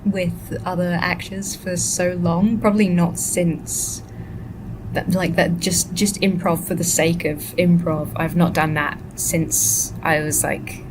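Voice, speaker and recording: A woman's voice: fairly even intonation, slow pace. Tired woman rambling into a noisy webcam. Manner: rambling, soft-spoken, drifting into whispers. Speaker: vlogger and actor. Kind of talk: casual webcam vlog. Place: hotel room. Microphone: laptop webcam. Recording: noisy low-quality webcam audio.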